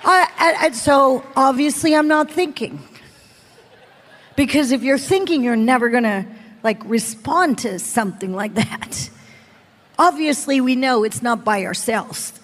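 High-voiced woman preaching in an echoing hall. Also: unhurried. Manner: animated storytelling, laughing often. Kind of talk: sermon testimony. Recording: long hall reverb.

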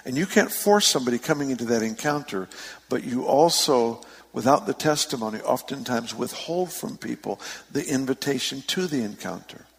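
A man preaching a sermon, telling stories with lively emphasis and easy laughs. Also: medium pitch, normal speed, vocal fry. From San Francisco Bay Area. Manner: storytelling, animated with laughs and rising emphasis. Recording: long hall reverb.

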